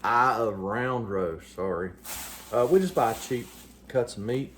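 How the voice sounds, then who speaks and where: A man's voice: mid-range voice, a little slow, a bit bright, slight background noise. A middle-aged man, talking to his vlog viewers in a folksy, joking way with lots of fillers. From West Virginia. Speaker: vlogger. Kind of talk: casual vlog talk.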